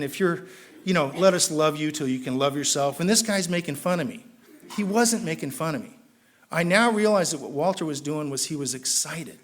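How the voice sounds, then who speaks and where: At a meeting, a middle-aged AA speaker with a Southern Californian accent tells his recovery story. He acts out the people in it, and his voice rises loud and high when he gets excited.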